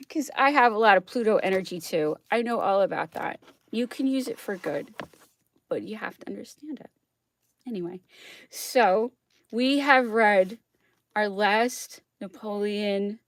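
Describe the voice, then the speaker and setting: Speaking at a measured pace in a medium pitch, this woman runs an astrology show as a relaxed, chatty monologue. Frequent laughter punctuates her talk, and she often asks "okay?" to keep her audience along with her.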